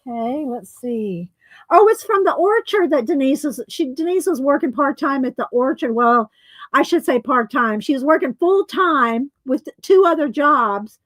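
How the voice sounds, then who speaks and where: A woman's voice: high-pitched, animated, normal speed, no room sound. A woman chatting casually on a livestream, short of breath and exclaiming as she reads viewer comments. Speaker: livestream host.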